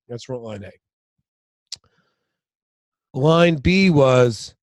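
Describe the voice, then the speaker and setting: A man's voice: on the high side, slow, long pauses, darkish tone, no echo. A middle-aged man co-hosting a podcast, rambling through family stories and acting out what people said. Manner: rambling storyteller, acts out family quotes. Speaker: podcast co-host. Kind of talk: casual chat.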